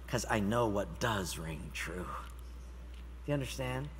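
An older man preaching a sermon, telling stories with lively swings from loud calls to hushed, quiet lines. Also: on the low side, slow, pauses often, breathy edge, in a large hall. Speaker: pastor.

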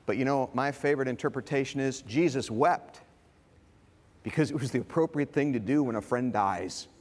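A middle-aged man preaching a sermon as pastor, telling folksy stories with humor. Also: a little high. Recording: long reverb of a large hall.

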